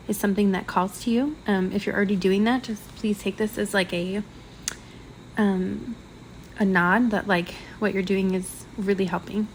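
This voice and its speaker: A woman reading and commenting on a channeled spiritual transmission, speaking haltingly with many ums and likes and a slightly shaky voice. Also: medium pitch, a little hiss or hum. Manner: halting, full of ums and likes, trips over words.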